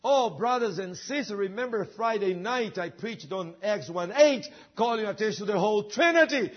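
Man, preacher, sermon, high husky voice, emphatic, dull lo-fi recording. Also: expressive, normal speed, hardly any pauses. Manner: emphatic preaching with rhetorical questions. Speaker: pastor.

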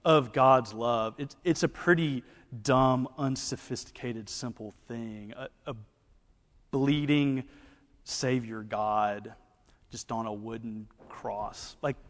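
A man's voice: mid-range voice, fairly even intonation, slow, long reverb tail. A man from Alabama with an Alabama accent, a campus pastor giving a conversational ministry talk full of anecdotes and fillers.

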